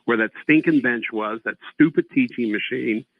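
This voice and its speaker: A man's voice: medium pitch, normal speed, dry recording. Man, storytelling, tinny phone line, dry sound. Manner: storytelling, acts out dialogue. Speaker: guest telling an abduction story. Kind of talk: phone-in conversation.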